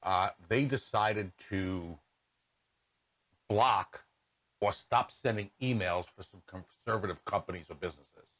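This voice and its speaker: A man co-hosts a radio show and explains things in plain, measured terms. His voice is low and a little husky. The studio sound is dry. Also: fairly bright tone, no echo. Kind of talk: casual radio talk. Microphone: studio microphone.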